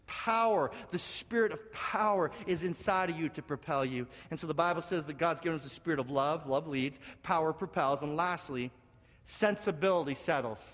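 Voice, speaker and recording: A man from Canada preaching as senior pastor, telling stories in an animated way, repeating words and swinging between hushed and loud. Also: fairly high pitch, long reverb tail. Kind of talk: sermon with storytelling. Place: church sanctuary.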